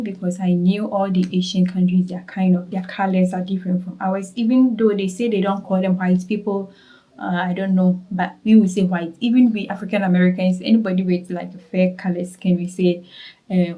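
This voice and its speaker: A woman's voice: lowish voice, flat delivery, moderate pace, mellow, poor audio. A young Ghanaian woman with a Ghanaian accent, chatting casually to her viewers in a travel vlog, repeating words for emphasis and checking in with them. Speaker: travel vlogger.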